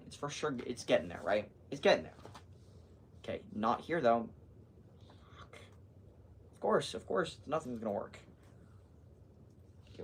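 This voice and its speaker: A man's voice: fairly low pitch, creaky. Teen male vlogger, chatty and rambling, distant mic, light background noise. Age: teens. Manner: rambling, heavy use of "like", animated retelling. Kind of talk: casual chatty vlog.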